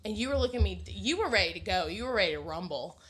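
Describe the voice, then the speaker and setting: A woman's voice: medium pitch, lively intonation, fast, fairly bright tone. A woman in her thirties, a mother co-hosting a podcast, telling family stories in a casual, blunt way, laughing often and swearing freely. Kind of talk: casual storytelling chat.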